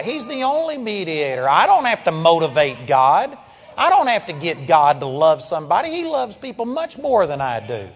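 A man preaching a sermon at a seminar, emphatic, moving between hushed and forceful delivery. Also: high voice, sing-song, normal speed, big-room sound.

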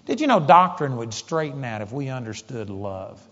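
A man's voice: mid-range voice, sing-song, moderate pace, fairly bright tone. Emphatic preacher man in a reverberant hall. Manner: storytelling, emphatic and conversational. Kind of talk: sermon. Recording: dull audio in a large hall with long reverb.

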